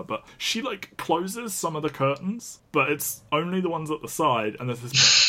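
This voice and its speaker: A man's voice: mid-range voice, pushed and bright. A man co-hosting a podcast, casually recapping a film plot with wry asides. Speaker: podcast co-host.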